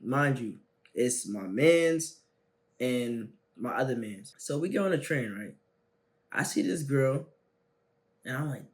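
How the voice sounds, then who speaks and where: A young man hosting a self-help video, telling a personal story in slangy, animated casual talk that swings between loud bursts and quiet asides. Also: mid-range voice, takes it slowly, long pauses.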